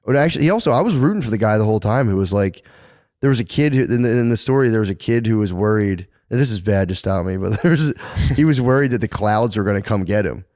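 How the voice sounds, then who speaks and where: A man's voice: on the low side, expressive, quick pace, darkish tone, dry recording, studio quality. A man co-hosting a comedy podcast, telling a story in a rambling way with lots of filler words. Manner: rambling storyteller, heavy "like" filler, acts out quotes. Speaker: podcast co-host. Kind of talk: casual comedy podcast chat.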